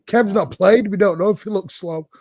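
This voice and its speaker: Male panelist, loud and mocking, higher voice, dry close sound. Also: moderate pace, dry recording. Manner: loud, teasing, sweary. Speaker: podcast panelist. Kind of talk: casual banter.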